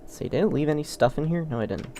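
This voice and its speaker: A man hosting a gaming channel who rambles through a let's play with excitable, self-deprecating commentary. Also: on the high side, rapid-fire, gravelly, very noisy.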